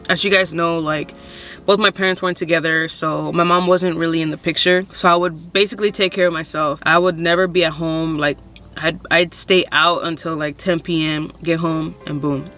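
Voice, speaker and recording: A woman's voice: low-pitched, steady tone, normal speed, fairly bright tone, soft background music. A woman in her twenties telling her own story to camera in a casual, frank way, swearing often and filling with "like" and "you know". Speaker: vlogger.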